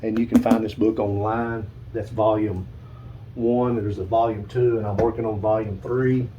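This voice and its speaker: A man's voice: lowish voice, flat delivery, moderate pace, warm tone, dull audio, slight background noise. An older man, casually showing photos and books, rambling and stopping to recall names. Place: dark room at home.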